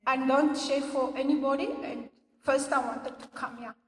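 An older woman, giving a personal testimony in church in halting English. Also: high-pitched, steady tone. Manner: halting non-native English, earnest storytelling. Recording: echoey hall, voice from far off.

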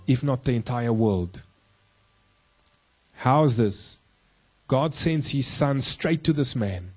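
A male pastor preaching a sermon, husky-voiced, throwing rhetorical questions to the congregation and slowing down low for key points. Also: a little mellow.

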